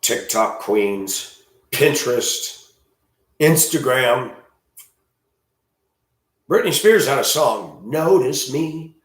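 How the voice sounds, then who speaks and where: A man ranting crudely in a monologue, breaking into loud outbursts and mocking voices. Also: mid-range voice, lively intonation, very slow, long pauses, echoey room. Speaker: host.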